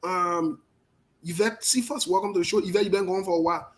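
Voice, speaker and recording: A male talk show host with a fairly high voice. He talks with blunt passion, calls out viewers' names one after another and argues his point hard. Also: a little fast, low-quality recording. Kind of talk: live online talk show, greeting viewers.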